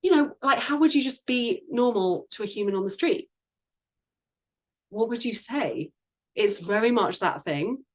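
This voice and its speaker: A woman's voice: a little high, animated, unhurried. A woman business and sales coach talking casually in a group discussion, chatty, laughing often and acting out quoted lines.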